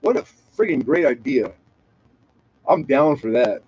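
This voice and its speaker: A man's voice: mid-range voice, animated, measured pace, darkish tone, husky, no room sound, dull audio. A man from Southern California rambling and joking with profanity in a casual late-night livestream chat. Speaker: livestream host.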